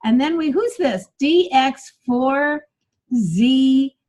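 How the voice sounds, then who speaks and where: A woman's voice: high voice, animated, takes it slowly, a little mellow. Upbeat woman coaching an online class. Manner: upbeat, encouraging, chatty with students by name. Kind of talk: live online workshop teaching. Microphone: video call.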